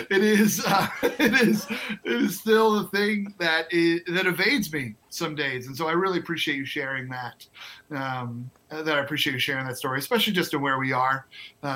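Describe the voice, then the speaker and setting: Guy with a bright kinda high voice, podcast cohost, lots of ums and restarts, laughs a lot. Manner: hesitant, with many fillers and restarts, laughs easily. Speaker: podcast co-host. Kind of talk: casual chat.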